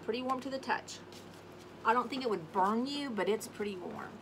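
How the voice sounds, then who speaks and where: A woman's voice: on the high side, expressive, normal speed, slight background noise, low-quality recording. Chatty woman crafting, humming scat tunes. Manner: chatty, sings little scat tunes while working. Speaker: craft video host. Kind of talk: casual crafting tutorial. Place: home craft space on an acreage.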